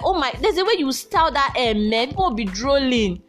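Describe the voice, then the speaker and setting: A woman's voice: sits high, very animated, brisk, hardly any pauses. A young Nigerian woman hosting a Christian podcast, talking emphatically and preaching at times. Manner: emphatic, preachy, shouting at times with bursts of laughter. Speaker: podcast host. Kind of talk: motivational Christian podcast talk.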